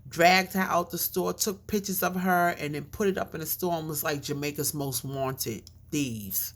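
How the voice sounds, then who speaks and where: A woman's voice: fairly low pitch, steady tone, brisk. A woman vlogger telling a casual story with lots of fillers and asides, her speech a bit mushy from a chain in her mouth.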